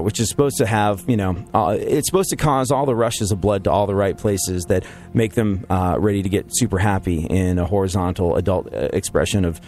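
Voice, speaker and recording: A man's voice: fairly low pitch, a little mellow. A man from New York with a New York accent, hosting a comedic chat show and rambling jokily with lots of fillers. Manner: rambling and jokey, many fillers and restarts. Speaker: show host.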